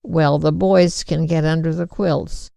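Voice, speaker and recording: A woman reading aloud voices a gentle, worried farm mother in a storybook. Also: deep voice, fairly even intonation, measured pace, creaky, no echo, exaggerated voice. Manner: gentle, soothing.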